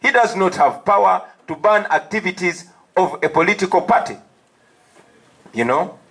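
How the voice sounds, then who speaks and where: A man with a Ugandan accent giving a firm, emphatic press statement as an opposition party leader, defiant and deliberate. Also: high voice, animated, vocal fry, fairly bright tone, breathy edge, poor audio.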